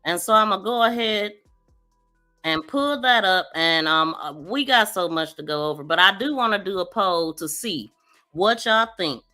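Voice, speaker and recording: A woman's voice: mid-range voice, lively intonation, moderate pace, pushed and bright, faint music behind. A woman hosting a true crime live stream, commenting emphatically and talking straight to her viewers. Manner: emphatic, outspoken, addresses viewers directly. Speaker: true crime podcast host.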